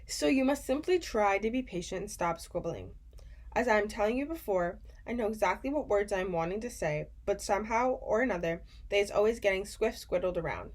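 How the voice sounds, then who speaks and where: A woman voicing a very old, kindly male giant who jumbles his words, in an audiobook reading. She makes him boom, draw his words out and talk in ungrammatical, folksy phrases. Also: animated, close to an everyday voice. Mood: excited. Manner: booming, drawn-out, ungrammatical folksy speech.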